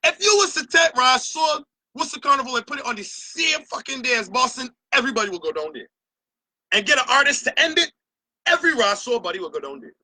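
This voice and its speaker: A middle-aged Barbadian man rants to camera on his opinion show, passionate, emphatic, and cursing heavily. His very high, sharply bright voice swings widely in pitch as he talks fast. The recording is completely dry, with no room echo.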